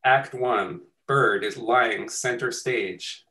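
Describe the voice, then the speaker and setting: A middle-aged man from Canada speaking very slowly at a medium pitch over a video call. He guides the talk gently and in a measured way. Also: poor audio. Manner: gentle, measured, guiding questions. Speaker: co-author and moderator. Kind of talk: casual conversation.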